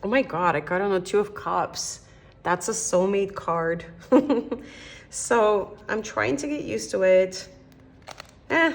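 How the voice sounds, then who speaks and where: A young woman from Canada reads tarot in a loose, chatty monologue, her voice sitting in the middle of the usual range. She speaks gently and encouragingly to the viewer, meandering as she thinks aloud. A faint hiss lies under her voice. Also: medium pitch, expressive, slow pace. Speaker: tarot reader. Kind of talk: casual tarot reading monologue.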